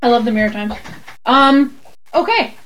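A woman with a Canadian accent, co-hosting a casual chat, giggly and animated, often slipping into mock voices. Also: on the high side, moderate pace, rough recording. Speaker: podcast co-host.

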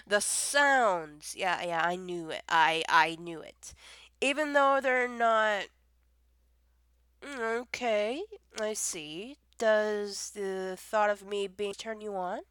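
A woman's voice: mid-range voice, slow pace, fairly bright tone, smooth, no room sound. A young woman teasing and giggling in a casual, improvised intimate audio role-play, recorded close on a home microphone.

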